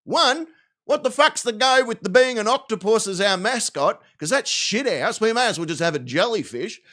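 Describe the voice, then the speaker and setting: An Australian man playing a fed-up Australian villain boss who rants at his crew in a shouty, sweary way. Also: high-pitched, animated, moderate pace. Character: exasperated Australian male villain boss, ranting.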